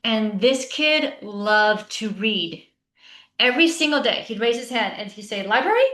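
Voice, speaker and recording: Her voice is fairly high, expressive, and a little slow, with a pushed, bright quality. She's a teacher coach addressing teachers at a conference through an online session with a chat, talking conversationally and frequently adding "right?" A roomy echo fills the recording.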